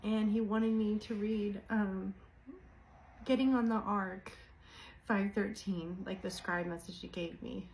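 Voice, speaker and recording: A woman's voice: medium pitch, steady tone, unhurried, a little mellow, slight background noise, rough recording. A woman talking casually and emotionally to her viewers about her faith, rambling and apologizing as she goes. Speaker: co-host of a religious channel.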